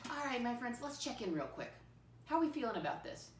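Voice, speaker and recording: A woman teaching a first-grade lesson. She talks to the children in a patient, encouraging way and counts aloud slowly and clearly. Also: fairly high pitch, sing-song, slight background noise. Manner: patient, encouraging, often says "my friends". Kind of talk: recorded classroom lesson.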